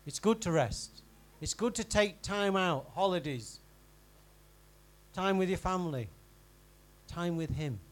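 A man preaching a sermon in a church, in a conversational style that swings from emphatic to quiet and intimate. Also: high voice, animated, measured pace, long pauses, low-quality recording. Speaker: pastor.

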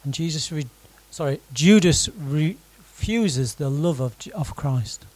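A man preaching a sermon to his congregation in a conversational, animated way, often putting direct questions to the room. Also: a little high, slow, breathy edge, no echo, rough recording. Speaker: pastor.

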